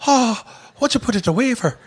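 A man voicing a leprechaunish police captain with a put-on Irish accent, murmuring in a high sing-song. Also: lively intonation, brisk, slight background noise. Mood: puzzled.

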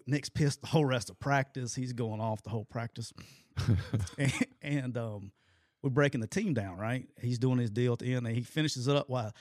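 This mid-range male voice comes through at studio quality with no room sound. He's a middle-aged man who used to coach football, telling lively stories in casual sports conversation, laughing frequently and acting out others' words in raised voices.

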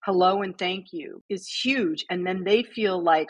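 Middle-aged american woman, husky voice, dry close sound, lively storyteller. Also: lowish voice, a little slow, no room sound. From United States. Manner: animated storyteller, acts out quotes. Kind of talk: casual chat.

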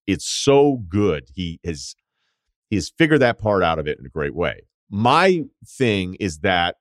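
A man's voice: fairly low pitch, no echo, clean studio sound. A man hosting a podcast, telling a rambling, profane anecdote in a casual storytelling way. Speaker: podcast host.

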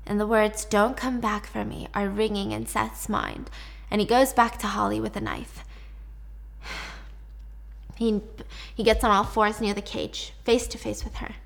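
A woman's voice: mid-range voice, level tone, a little slow, creaky, pauses often. A young woman casually retelling a dramatic story, chatty and full of fillers.

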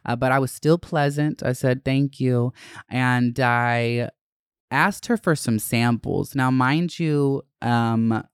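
A young adult host tells a story from their week in a loose, profanity-laced monologue and slips into higher voices for the people they quote. The voice is smooth and clear, recorded close on a dry mic with no room sound. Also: slow, no room sound. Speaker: podcast host.

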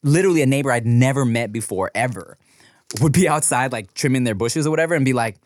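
A man, telling stories with lots of swearing and jumping up into high voices when he quotes people. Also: fast, a little hiss or hum. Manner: animated storyteller, swears freely, jumps to high voices when quoting people. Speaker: podcast co-host. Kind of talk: casual food podcast chat.

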